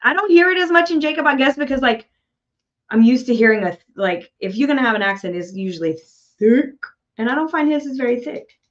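Woman, forties, cajun accent, laid-back drawl, slightly high voice, dull lo-fi audio. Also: lively intonation, fairly quick. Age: 40s. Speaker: co-host. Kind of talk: casual livestream chat. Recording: muffled lo-fi stream audio.

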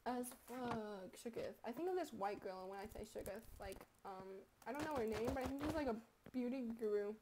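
A young woman giving casual gameplay commentary, crude and joking, with sudden loud outbursts. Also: on the high side, lively intonation, fairly quick, noisy background. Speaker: gaming commentator.

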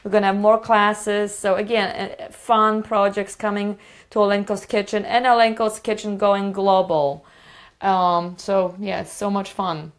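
A woman's voice: medium pitch, level tone, measured pace. A woman hosts a live cooking demo from her home kitchen. She talks eagerly and loosely, with many fillers and self-corrections. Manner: chatty, enthusiastic, many fillers and restarts. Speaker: cooking show host.

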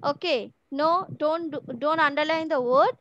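A woman's voice: high voice, moderate pace, fairly bright tone, no room sound, highs cut off. A woman teaching an online class, patiently repeating each question and word for her pupils. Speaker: school teacher. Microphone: video call from home.

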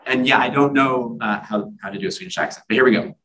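A man's voice: medium pitch, fast, bright, forceful tone, distant mic, rough recording. A man, an author at a library event, reading his own comic stories in a wry, self-deprecating way with casual asides.

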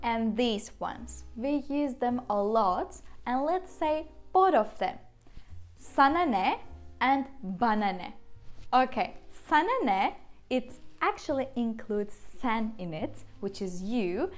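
A woman's voice: a little high, lively intonation, slow, soft background music. A young woman from Turkey with a Turkish accent, casually teaching phrases with everyday examples and frequent laughs. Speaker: language teacher. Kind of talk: casual language lesson.

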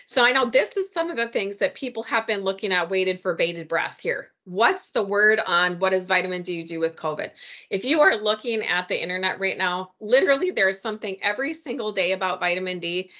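A woman's voice: medium pitch, expressive, fairly quick, pushed and bright, lo-fi sound. A woman giving a health webinar from her computer, enthusiastic and chatty with folksy asides. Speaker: health presenter. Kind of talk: webinar presentation.

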